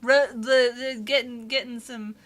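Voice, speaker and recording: Young woman, bright and slightly high voice, playful let's-play host reading game dialogue aloud between jokes. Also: steady tone, unhurried. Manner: playful, joking asides and frequent laughter. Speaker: streamer playing a game.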